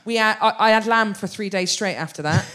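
A woman in her thirties with a Bristol accent, guesting on a comedy interview. She talks brashly and loudly, swearing and laughing as she goes. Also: mid-range voice, brisk. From Bristol, England.

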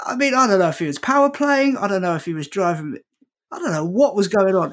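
A man's voice: high voice, fast. A man, a comedy guest, telling a comic anecdote with lots of swearing and voices for the people in it. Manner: animated, quotes people in voices; swears freely.

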